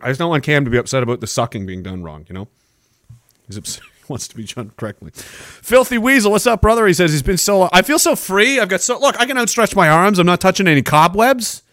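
A man's voice: high voice, big pitch swings, fast talker, fairly bright tone, no room sound. Rambling man on a livestream. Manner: rambling, joking, reads chat aloud. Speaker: livestream host. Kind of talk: casual livestream chat. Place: home studio. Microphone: boom-arm studio mic.

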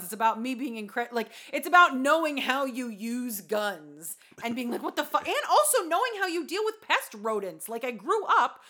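A woman co-hosting a podcast in casual chat, animated and swearing freely as she rants. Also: fairly high pitch. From rural farm community. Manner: animated, swears a lot, ranting. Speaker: podcast co-host.

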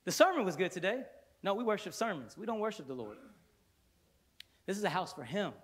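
Brief: male worship pastor, high-pitched voice, fervent sermon in a church with loud peaks and quiet intense passages. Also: very animated, fairly quick, breathy edge. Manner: fervent preaching with sudden loud bursts and hushed stretches; playful storytelling asides with laughter. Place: church sanctuary before a congregation.

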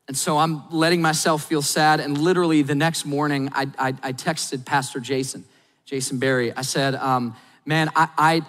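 A middle-aged man pastor with a voice pitched a little high delivers a candid, personal sermon. He sinks soft and quiet for the sad moments, then climbs back to urge his listeners on. His voice trails long reverb through a large hall.

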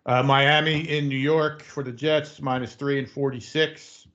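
A man co-hosting a casual sports podcast, chiming in with quick agreement and animated, profane takes. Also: medium pitch. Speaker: podcast co-host. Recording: dull lo-fi sound.

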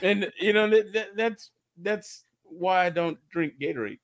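Guy rambling through a funny story, kinda high voice, lots of restarts. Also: measured pace. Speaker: podcast co-host. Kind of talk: casual chat, storytelling.

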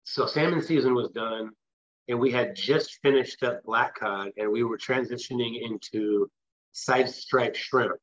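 An interview guest, a man from the US West Coast, tells a long personal story in a casual, rambling way, full of restarts and filler phrases. His mid-range voice is unhurried, and the recording has its highs cut off.

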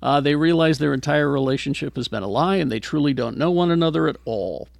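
A man's voice: on the high side, quick pace, creaky. A man hosting a casual entertainment podcast, reading news items with lots of fillers. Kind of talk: casual chat.

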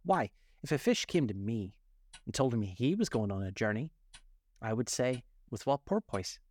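A man reading a storybook aloud, voicing a melancholy, touchy mock turtle who speaks slowly and solemnly. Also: medium pitch, very animated, darkish tone, dry recording. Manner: slow, solemn, easily offended.

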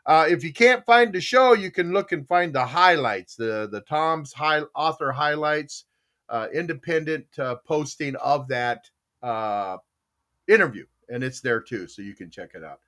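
A man's voice: fairly high pitch, expressive, unhurried, pushed and bright. A man hosting a podcast in casual chat, rambling with many fillers and restarts as he tells a long joke. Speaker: podcast host.

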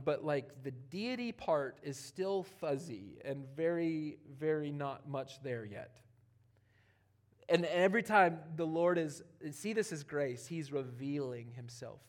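Male pastor, higher voice, animated sermon delivery, casual asides, big swings between loud and soft. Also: takes it slowly. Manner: animated, swinging from loud emphatic preaching to quiet near-whispers; conversational, with casual asides and playful quoted voices.

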